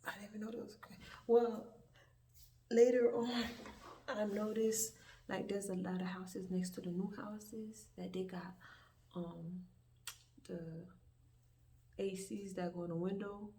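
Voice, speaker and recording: Gravelly young woman. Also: medium pitch, fairly even intonation, unhurried, long pauses, warm tone. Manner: laid-back, rambling, swears freely, acts out quoted dialogue. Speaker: vlogger. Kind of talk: casual storytime.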